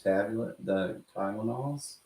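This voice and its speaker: West texas guy chatting loose and cussing, kinda low voice, echoey room. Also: takes it slowly, a little mellow. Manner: profane, chuckling storyteller. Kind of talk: casual rambling chat. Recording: roomy echo.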